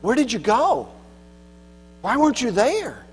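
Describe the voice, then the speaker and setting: A bewildered man pleads with the Lord in a raised voice, each question climbing higher, as a man acts him out. The voice sits in a long hall reverb over a faint hum. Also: very animated, unhurried, slightly rough, exaggerated voice. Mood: pleading.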